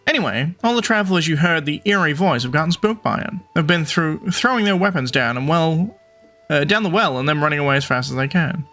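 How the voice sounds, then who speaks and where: An eager, jumpy bird reporter from a video game, voiced by a man. His voice sits on the higher side and swings up and down a lot. He calls his companion partner in every other line, all over a faint game soundtrack. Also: animated, brisk, bright, forceful tone, soft background music. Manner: upbeat, calls listener partner.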